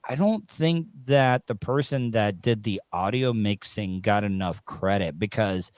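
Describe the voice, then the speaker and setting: Rambling Southern host, dry sound. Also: male voice, lowish voice, measured pace, no echo. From Florida, US South. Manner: rambling, restarts often, swears casually. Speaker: podcast host. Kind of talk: casual interview chat.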